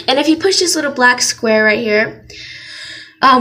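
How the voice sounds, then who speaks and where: A woman's voice: on the high side, moderate pace, a bit bright. A young woman giving a rambling, giggly casual drawing tutorial, often laughing and interrupting herself. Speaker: vlogger. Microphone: phone.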